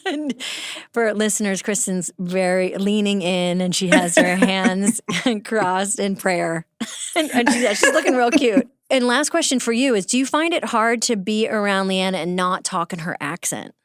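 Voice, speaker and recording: A woman in her fifties hosts a loose, joking conversation, quick with a laugh. Her voice sits at an ordinary pitch and sounds close and dry, with no room around it. She grew up in New England. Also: dry recording. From Boston area, US. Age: 50s. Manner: quick, jokey, laughs often. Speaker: podcast host. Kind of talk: casual chat.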